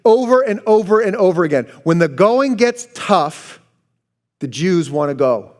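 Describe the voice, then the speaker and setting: A man preaching a sermon as pastor, lively and dramatic, acting out quoted voices and dropping low for emphasis. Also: measured pace.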